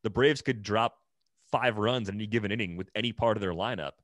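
Recorded dry with studio quality, this podcast co-host has a lowish, slightly bright voice and talks a little fast. He analyzes baseball in a casual way, restarting sentences and saying "like" often as he thinks aloud.

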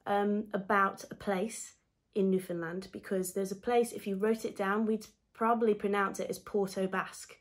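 A woman in the cast of a musical, giving chatty, animated interview answers from home. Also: medium pitch. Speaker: musical theatre cast member. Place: home during lockdown.

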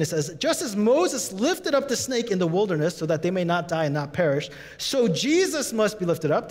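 A man preaching a sermon as pastor, animated, rising to high emphatic peaks. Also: in a large hall.

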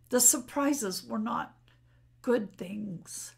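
At home with only the camera mic, a middle-aged woman who vlogs about spirituality rambles candidly and personally in an unscripted solo talk. She speaks slowly in a slightly high, very animated voice that's creaky and a bit rough.

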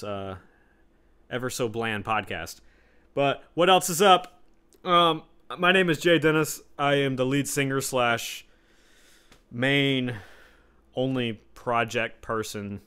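Bright-voiced young man ranting on his podcast. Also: medium pitch, a little slow, long pauses, clean tone. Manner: rambling, profane, swings between mumbled asides and loud outbursts. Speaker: podcast host. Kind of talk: solo casual podcast rant. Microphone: home podcast mic setup.

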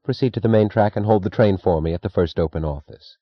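A man's voice: fairly low pitch, quick pace, breathy edge, no echo, lo-fi sound. A man reading the part of a woman railroad executive in her thirties, speaking with cool, unstressed authority. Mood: commanding.

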